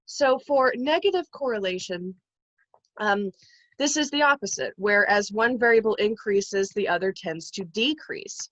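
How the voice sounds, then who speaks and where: A woman's voice: medium pitch, a little slow, fairly bright tone, no room sound. Woman lecturing in a dull, dry recording. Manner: explanatory, careful, frequent ums and restarts. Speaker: college psychology instructor.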